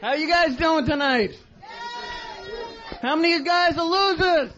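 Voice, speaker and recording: A man doing a stand-up set, shouting at and insulting the crowd. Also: extremely high pitch, a little slow. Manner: aggressive, heckling the crowd, shouting. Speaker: amateur stand-up comic. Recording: muffled radio broadcast, noisy.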